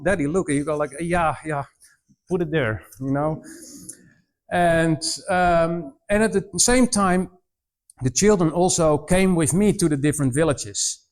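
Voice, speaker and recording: A man in his forties giving a missionary presentation to students, telling stories in an animated way, mimicking voices and often restarting his sentences. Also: on the high side. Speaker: missionary speaker. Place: college presentation room.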